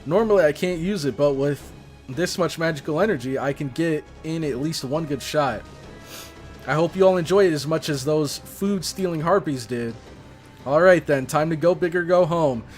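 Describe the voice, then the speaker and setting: Guy doing a cocky upbeat young paladin, bragging, kinda high. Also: normal speed, soft background music, close to an everyday voice. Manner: boastful, upbeat.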